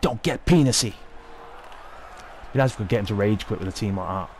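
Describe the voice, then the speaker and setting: A young man giving excitable, sweary live commentary over his own hockey video game match. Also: on the low side, a little fast, background noise. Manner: sweary, excitable, talking at the screen. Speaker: gaming video host.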